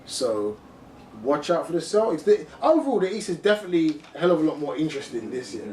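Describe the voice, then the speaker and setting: A man hosting a relaxed sports talk show. He is chatty and keeps checking in with "you know what I mean". His voice sits a little high for a man, and it sounds roomy and set back from the mic. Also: fast talker, a little hiss or hum. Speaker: podcast host. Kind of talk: casual sports chat. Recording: echoey room, mic at a distance.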